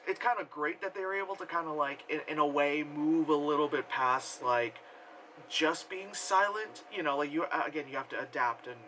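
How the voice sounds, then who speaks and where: A man's voice: on the high side, sharp tone, a little hiss or hum, low-quality recording. A man giving a casual, rambling film review full of fillers and offhand swearing. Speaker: movie reviewer.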